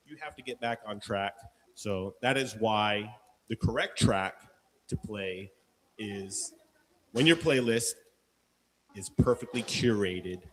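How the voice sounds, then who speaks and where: A man's voice: on the low side, fairly bright tone, big-room sound, a little hiss or hum. A male radio co-host in playful game-show banter, joking and telling dramatic little stories. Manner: jokey, dramatic storyteller.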